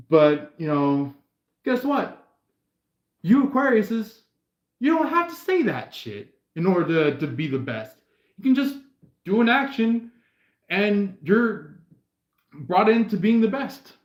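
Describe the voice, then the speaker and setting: A man's voice: fairly high pitch, very animated, a little slow, reverberant, highs cut off. A man hosting a live tarot reading stream, talking in a meandering way, full of fillers and restarts. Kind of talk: rambling live-stream chat.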